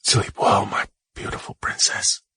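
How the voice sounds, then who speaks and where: A man voicing a grieving young man who whispers a tearful farewell in a raspy, quavering voice. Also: unhurried, sharp tone, dry recording.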